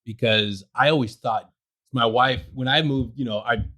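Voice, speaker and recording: A man's voice: medium pitch, fairly even intonation, moderate pace, pushed and bright. A man co-hosting a podcast in casual chat, telling a rambling story full of swearing. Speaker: podcast co-host.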